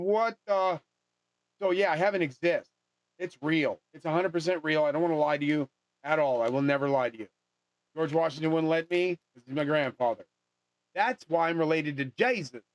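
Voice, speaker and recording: A man's voice: a little high, no echo. A man rambling in a casual monologue as he makes a money charm, swearing often and trailing off mid-thought. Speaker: vlogger making a money charm. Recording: dull lo-fi dry sound.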